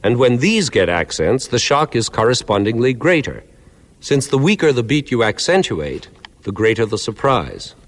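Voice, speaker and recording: A man giving a clear, measured lecture that explains musical ideas step by step, sometimes counting out beats. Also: mid-range voice, sing-song, long reverb tail.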